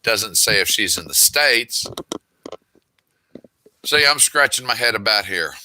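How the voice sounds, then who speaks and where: A man's voice: fairly low pitch, animated, measured pace, pushed and bright, a little hiss or hum. A middle-aged man in a casual monologue, reading emails aloud with wry, exasperated asides. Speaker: author.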